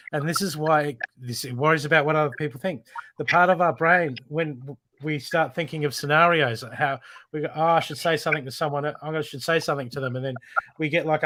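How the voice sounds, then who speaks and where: Male host for a spiritual reading show. He is blunt, repetitive and drops the odd swear, with a noisy background. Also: a little high. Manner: emphatic, repetitive, casually swearing. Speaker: intuitive card reader and show host. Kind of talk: live spiritual card reading. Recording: steady background noise.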